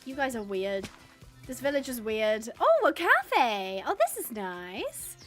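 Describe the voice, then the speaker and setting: A woman streaming live gameplay, chatting to the viewers and the game animals and getting excited. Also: fairly high pitch, slow, soft background music. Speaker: gaming streamer.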